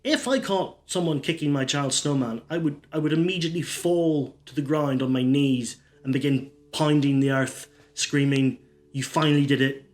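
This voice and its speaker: A man's voice: a little high, steady tone, normal speed, few pauses, a little mellow. A man doing stand-up one-liners, rambling and stumbling over his words. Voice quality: rambling, self-interrupting. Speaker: stand-up comedian.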